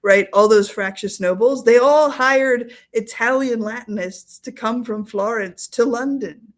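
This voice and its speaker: A woman historian in a casual interview, explaining history in a playful storytelling way with acted quotes. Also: medium pitch. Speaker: historian guest.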